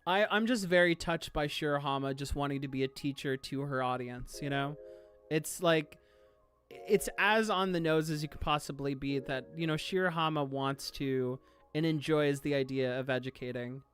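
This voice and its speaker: Excitable streamer reacting to a manga. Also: mid-range voice, normal speed, soft background music. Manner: excitable, swears and squeals when moved. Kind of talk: live reaction and discussion stream.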